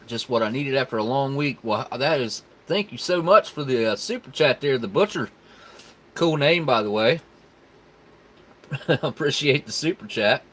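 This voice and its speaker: A man's voice: mid-range voice, lively intonation, a little slow, fairly bright tone. A man, hosting a casual live stream where he tastes food and chats with viewers in a laid-back, rambling way. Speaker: live stream host reviewing military rations.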